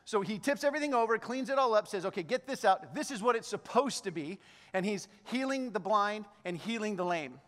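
A man preaching a sermon, animated, acting out the lines of the figures he talks about. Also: a little fast, big-room sound. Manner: hushed, low voice in prayer. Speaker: pastor.

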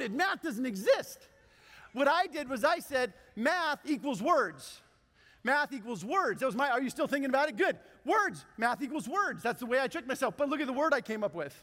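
A man's voice: extremely high pitch, gravelly, a bit bright, in a large hall. A male pastor preaching a sermon, joking and calling on the congregation to join in. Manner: playful, joking, audience participation. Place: large church hall.

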